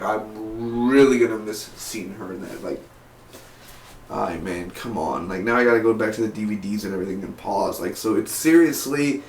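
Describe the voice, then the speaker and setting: Excitable slangy young man reviewing TV. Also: lowish voice, slight background noise. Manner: excitable, slangy, says "man" and "dude" a lot. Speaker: TV episode reviewer. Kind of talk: casual review vlog. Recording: roomy echo.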